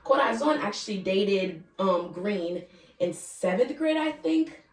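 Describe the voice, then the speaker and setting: A woman's voice: medium pitch, expressive, slow pace, distant mic, faint music behind. A young woman telling a casual storytime to her viewers, frank and chatty, swearing freely and talking straight to the audience. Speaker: vlogger. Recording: roomy sound from the mic.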